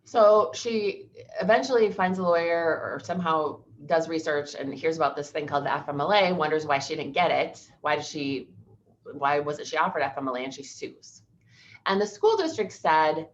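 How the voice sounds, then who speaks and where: A woman's voice: fairly low pitch, moderate pace, dull audio. A woman, an employment attorney giving a legal seminar talk in a conversational, storytelling way.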